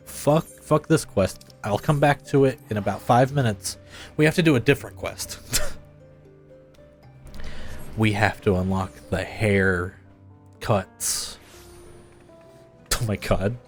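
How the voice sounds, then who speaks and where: A man's voice: fairly low pitch, a little mellow. A man streaming a game live, chatting casually with viewers in a laid-back way and laughing often.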